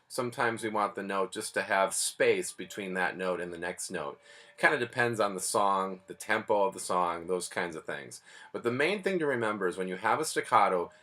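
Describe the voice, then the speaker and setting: A man with a fairly low voice teaches a band class. He explains each point patiently and plainly, in an everyday teaching manner. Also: sharp tone. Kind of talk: music lesson.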